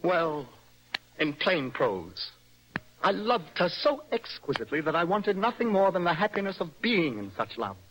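An actor playing a nervous, dreamy young poet in a radio stage play, speaking in a poetic, impassioned way. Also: male voice, sits high, sing-song, normal speed, a bit bright, poor audio. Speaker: young poet in love with a married woman.

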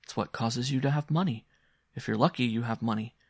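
A man reading a story aloud, voicing a weary mother who speaks in a measured, bitter way. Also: medium pitch, husky, dry recording, studio quality.

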